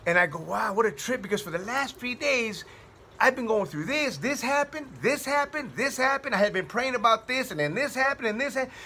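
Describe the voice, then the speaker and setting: Male comedian, bright high voice, animated slangy storyteller. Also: fairly quick, slight background noise. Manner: animated, slangy, full of "man" and "dude". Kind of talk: casual storytelling monologue.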